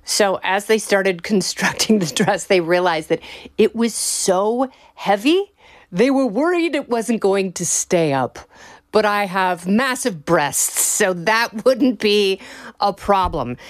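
Animated woman telling a laughing story. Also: mid-range voice. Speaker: bride telling her wedding story. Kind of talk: casual storytelling.

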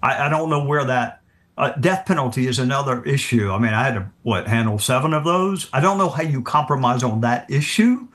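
A man's voice: medium pitch, fairly quick, a bit bright. A man answering as an interview guest, candid and wry, often restarting his sentences as he thinks aloud. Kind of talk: conversational interview.

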